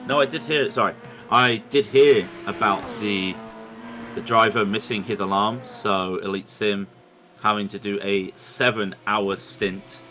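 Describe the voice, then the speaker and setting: A man's voice: lowish voice, fairly even intonation, measured pace, music in the background. A man commentating a sim race stream, chatting loosely, repeating himself and apologizing as he goes, speaking into a home computer microphone over a shaky internet connection. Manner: rambling, self-interrupting, apologetic. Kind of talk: live race commentary and chat. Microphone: home computer mic over unstable internet. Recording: noisy stream with connection dropouts.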